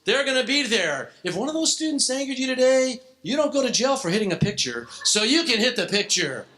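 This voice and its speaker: A man's voice: extremely high pitch, very animated, a little fast, sharp tone. An older man preaching a joking, theatrical youth sermon. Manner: joking, theatrical, exaggerated shifts in delivery. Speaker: youth speaker.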